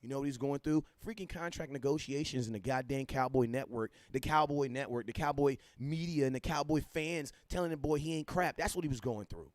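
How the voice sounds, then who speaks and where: A man hosting a casual sports livestream, talking animatedly, repeating himself and giving shout-outs to viewers. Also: medium pitch, a little fast, few pauses, no echo. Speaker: livestream host.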